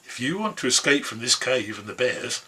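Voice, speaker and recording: A storyteller voicing a small, cunning mouse who gives firm orders, in a husky voice. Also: male voice, mid-range voice, very animated, pushed and bright, full character voice. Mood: commanding. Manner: brisk, commanding.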